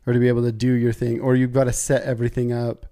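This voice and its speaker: A man's voice: medium pitch, completely flat delivery, fast talker, warm tone. A man co-hosting a podcast, talking earnestly and directly to the listeners. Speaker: podcast co-host. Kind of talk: casual chat.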